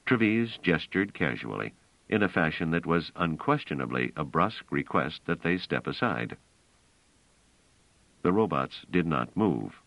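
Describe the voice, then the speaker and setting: A man with a very deep voice narrates an audiobook, his pitch moving in a lively, expressive way. His reading is measured and clear in pacing. The recording is dry and a little dull. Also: dry recording. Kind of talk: scripted narration.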